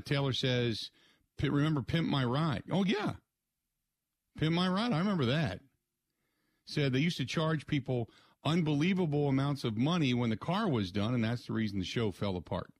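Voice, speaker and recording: A man hosting a sports radio show, rambling and joking through casual rants. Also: medium pitch. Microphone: studio mic.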